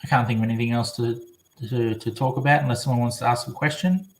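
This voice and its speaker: A man from Australia talks casually on a live stream, rambling from one thought to the next as he answers viewers' comments. His voice sits at a middle pitch, and the room around him is echoey. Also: steady tone, fast talker. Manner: rambling, chatty, reading comments aloud.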